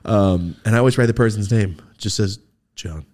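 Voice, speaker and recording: A man's voice: fairly low pitch, fairly quick, darkish tone. A man hosting a podcast, telling funny stories about his friends in a casual, profane way and laughing often. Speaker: podcast host. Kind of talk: casual comedic storytelling.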